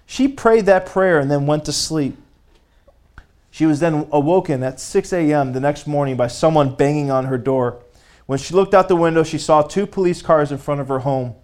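A man preaching a sermon, reading a story aloud and pausing to speak directly to his congregation, growing fervent. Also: on the high side, a little mellow.

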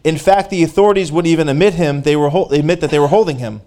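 A man preaching a sermon, reading a story aloud and pausing to speak directly to his congregation, growing fervent. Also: fairly high pitch, mellow.

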